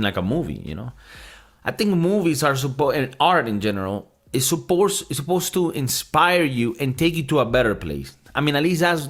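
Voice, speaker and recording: A man's voice: medium pitch, fairly bright tone. Man, podcast host, casual chat, mid-range voice, rambling, lots of fillers, swears, laughs. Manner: rambling, thinking aloud with many fillers and restarts; swears freely and laughs often. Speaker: podcast host reviewing a movie.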